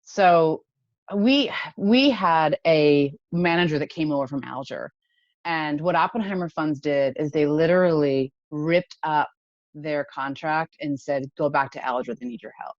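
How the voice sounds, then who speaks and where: Interview guest: woman, low voice, dull dry recording, emotional storyteller. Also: measured pace, no echo. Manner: emotional, animated retelling with laughs. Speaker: podcast guest, company founder.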